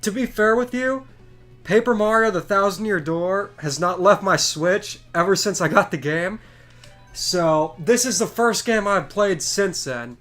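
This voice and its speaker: A congested man in his twenties talks through a live game stream, his stuffy voice pitched high. He chats in an excitable, rambling way, with soft game music in the background. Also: unhurried. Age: 20s. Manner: chatty and excitable. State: congested from a cold. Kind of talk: casual live stream chat.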